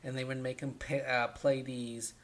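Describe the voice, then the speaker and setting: A man co-hosting a casual podcast, retelling a film plot in an animated way, acting out the characters' lines and often asking "right?". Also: mid-range voice, moderate pace. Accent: Californian. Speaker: podcast co-host. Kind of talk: casual movie recap chat.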